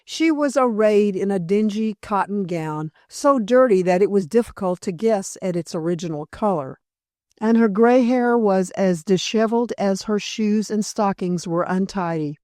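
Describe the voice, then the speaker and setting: A female audiobook narrator with a medium-pitched voice delivers a classic mystery novel as scripted narration. The recording is dry with clean studio sound, and her storytelling stays measured and even.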